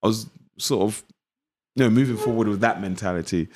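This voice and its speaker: Low-voiced East London man telling his story. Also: a little fast, slight background noise. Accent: East London English. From East London, England. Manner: animated storyteller acting out past conversations. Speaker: actor guest. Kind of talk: interview storytelling.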